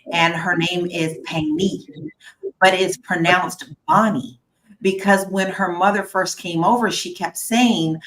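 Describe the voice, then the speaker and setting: A woman's voice: lowish voice, a bit bright, rough recording. Woman in her fifties hosting a panel. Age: 50s. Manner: conversational, invites others to comment. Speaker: host. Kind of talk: hosting a live panel discussion.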